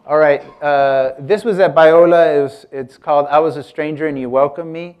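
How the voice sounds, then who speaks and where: A man's voice: a little high, steady tone, normal speed, clean tone, muffled recording. A man giving a casual artist talk to an audience, chatty, breaking off mid-sentence and asking the room questions. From United States. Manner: chatty, self-interrupting, asks the audience questions.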